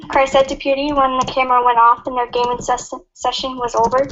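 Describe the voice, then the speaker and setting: Young woman, high and hesitant, lo-fi call audio. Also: little pitch movement, fairly quick, fairly bright tone. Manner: hesitant, stammering, giggly. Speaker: fanfic reader, guest. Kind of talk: casual chat and reading aloud. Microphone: computer mic on a video call. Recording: muffled lo-fi mic with faint hiss.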